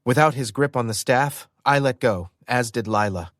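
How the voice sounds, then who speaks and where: Man, audiobook narrator, first-person narration, expressive, dry close-mic recording. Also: medium pitch, moderate pace, no echo. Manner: expressive, vivid storytelling.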